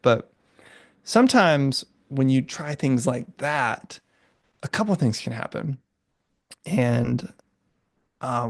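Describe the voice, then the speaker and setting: A man's voice: mid-range voice, vocal fry, dry recording, studio quality. A man speaking as a podcast guest in casual conversation, rambling and acting out little bits of dialogue. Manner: rambling, acts out voices of friends.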